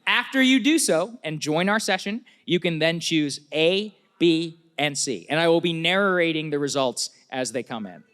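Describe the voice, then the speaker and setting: A man's voice: a little high, expressive, moderate pace, few pauses, a bit bright, big-room sound. A man co-hosting a political commentary show, joking and calling out live poll results like an auctioneer. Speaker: co-host.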